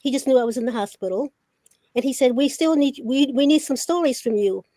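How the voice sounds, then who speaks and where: An older woman with a high, light voice tells stories in an animated way, slipping into the voices of the people she quotes. The sound is dry and close, with almost no room around it. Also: brisk, dry recording. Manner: animated storyteller who acts out quoted dialogue. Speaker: veteran journalist, talk show guest. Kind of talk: casual storytelling.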